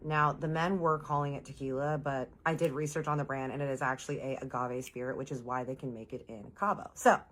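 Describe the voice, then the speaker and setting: Low-voiced woman telling a chatty storytime. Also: steady tone, a little fast, hardly any pauses, a little hiss or hum. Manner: chatty, leans on filler "like", voices her own reactions in sudden high jumps; swears casually, speaks straight to viewers. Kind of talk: casual storytime vlog.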